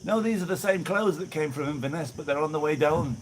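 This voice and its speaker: A man's voice: on the high side, a little fast, a little hiss or hum, poor audio. A man from the Birmingham area with a mixed Birmingham accent, rambling casually on an outdoor live stream and greeting viewers by name. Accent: mixed Birmingham English with a little Maltese influence. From England (Birmingham area). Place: outdoors on a breezy day. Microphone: no clip-on mic, camera mic.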